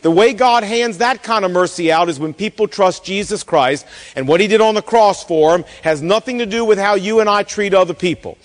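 Male pastor, high lively voice, storyteller delivering a sermon in a reverberant hall. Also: a little fast, hardly any pauses. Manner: storytelling, animated, acts out quoted voices.

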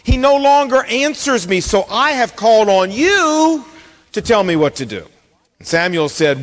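A man delivers a sermon in a high, lifted voice, retelling scripture with lively storytelling and acted-out lines. His voice carries a long reverb, as if spoken in a large hall. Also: moderate pace. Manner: expressive Bible storytelling, acting out quotes. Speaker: pastor.

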